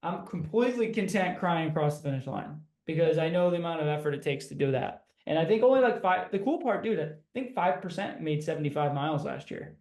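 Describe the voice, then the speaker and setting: A man hosting a casual podcast, upbeat and energetic, talking like a buddy. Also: fairly high pitch, quick pace, hardly any pauses. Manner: upbeat, energetic, says dude and bro. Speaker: podcast host. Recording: roomy echo.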